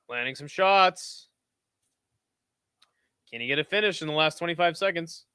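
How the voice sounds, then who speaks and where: A man's voice: on the high side, moderate pace, pauses often, clean tone, no room sound. A young man streaming live fight commentary, chatting casually with his viewers and whooping at big moments. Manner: excitable, shouts and whoops at big moments, chatty asides to chat.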